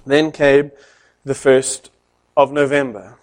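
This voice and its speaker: A man preaching a sermon, telling a story in an animated way with dramatic pauses. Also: medium pitch.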